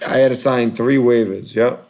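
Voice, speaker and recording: A man from Boston with a Boston accent, rambling in casual call-in chat, halting and full of fillers. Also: medium pitch, steady tone, very noisy. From Boston, Massachusetts.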